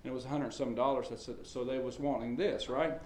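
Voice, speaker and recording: A man's voice: mid-range voice, steady tone, quick pace, a little mellow. Folksy male preacher in an echoey hall. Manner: folksy storytelling with many fillers and restarts. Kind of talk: sermon. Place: church hall. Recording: echoey church hall with faint ambience.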